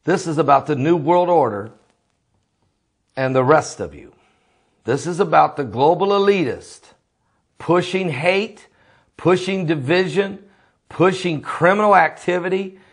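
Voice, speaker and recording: A man who is a preacher, delivering impassioned commentary full of repeated rhetorical questions and sometimes rising to a shout. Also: fairly high pitch, measured pace, long pauses, husky. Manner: fiery, rhetorical questions, repetitive.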